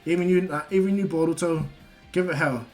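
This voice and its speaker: A man's voice: a little high, fairly quick, darkish tone, soft background music, voice pushed up, lightly acted. Itachi, a man doing an encouraging ninja uncle.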